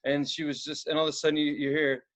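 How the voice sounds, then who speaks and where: A man's voice: a little high, little pitch movement, fast talker. A man co-hosting a podcast, telling a story in casual, profane chat and acting out the voices of the people he quotes. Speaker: podcast co-host.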